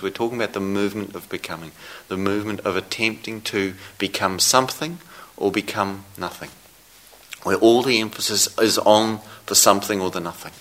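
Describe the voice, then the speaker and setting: Slow-spoken, low-voiced man teaching meditation. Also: bright, forceful tone. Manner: slow, reflective, with long pauses. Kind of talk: dharma talk. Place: meditation hall.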